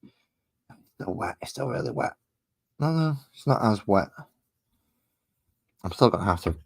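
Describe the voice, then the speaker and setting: A man's voice: on the low side, animated, moderate pace, gravelly, breathy edge, rough recording. A man chatting casually and thinking aloud, a little self-deprecating, while he paints miniatures at his hobby desk at home.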